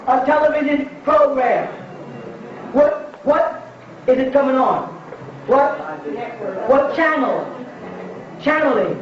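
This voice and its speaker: A man with a strikingly high voice delivers a lecture, pressing his points by repeating them and asking his listeners rhetorical questions. He is recorded from a distance in a very echoey space. The sound is dull and lo-fi, with a faint hiss underneath.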